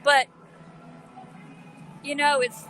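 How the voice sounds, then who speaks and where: A woman with a Southern US accent speaks high and bright, her tone sharp. She rants bluntly and indignantly into her phone for a livestream, with faint music somewhere behind her. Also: level tone, very slow, low-quality recording. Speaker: livestreamer at a protest. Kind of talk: defiant livestream rant.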